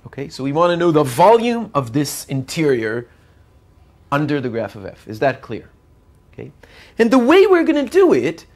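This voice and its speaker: A male university lecturer working through a math lecture at an unhurried pace. His pitch rises and falls widely as he explains each step while drawing, and he keeps pausing to ask whether the class follows. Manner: checks in with students often.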